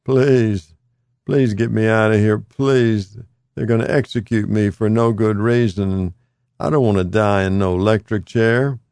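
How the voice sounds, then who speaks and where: A narrator puts on a frail, confused old man whose voice rides noticeably higher than the reader's own, repeating words emphatically in plain folksy speech. It is a close, dry, mellow read with no room around it, in the manner of an audiobook memoir. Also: a little slow, dry recording, natural voice. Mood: pleading. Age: older.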